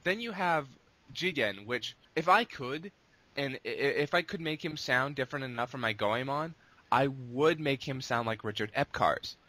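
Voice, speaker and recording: A man's voice: medium pitch, lively intonation, moderate pace, sharp tone. A man answering interview questions in a casual, long-winded way, rambling and restarting his sentences. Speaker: guest, abridged series creator.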